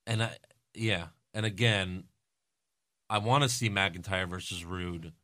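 A man with a bright, forceful tone chats casually as a podcast co-host. He rambles and hedges, leaning on "like" and "you know". His voice sounds dry and close. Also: low-pitched, fairly even intonation, a little slow, dry recording. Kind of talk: casual wrestling chat.

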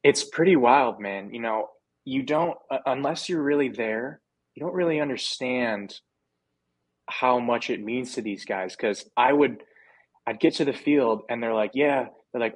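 A young man from the United States talks easily as a podcast guest, trading stories in a loose, slangy way and often restarting his sentences. His voice sits at a middle pitch. The sound is dry and close, with no room around it. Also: normal speed, no echo. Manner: relaxed storyteller with frequent restarts and slang. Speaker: podcast guest, former minor league player. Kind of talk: casual interview chat.

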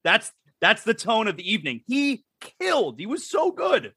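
A man hosting a radio talk show, telling stories in an animated way and acting out what people said. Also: high-pitched, moderate pace, husky, no echo, studio quality. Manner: animated storytelling, acts out quotes. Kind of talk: casual talk show banter.

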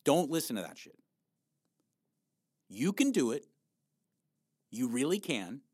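A man of ordinary pitch speaks frankly about losing body fat, swearing often and hitting his words hard, bluntly motivating his listeners to keep going. His motivational fitness talk is very animated yet slow, a little mellow and husky. The recording is close and dry, with no echo or room sound.

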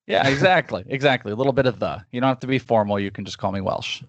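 A man's voice: medium pitch, fast talker, creaky, no echo, muffled recording. A man guesting on a sports podcast, talking casually with frequent laughs. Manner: laughs often, lots of fillers and restarts. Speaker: podcast guest, baseball analyst. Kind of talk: casual interview talk.

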